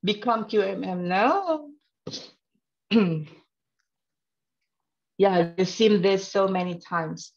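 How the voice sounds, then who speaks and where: A woman's voice: mid-range voice, extremely slow, pauses often, highs cut off. A woman teaching a live trading webinar in a playful, teasing way, talking straight to her viewers and laughing often. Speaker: trading instructor.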